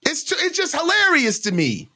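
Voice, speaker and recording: A man's voice: very high-pitched, wildly swooping pitch, normal speed, bright, forceful tone. A man hosting a live football reaction show, ranting in heated, slangy commentary.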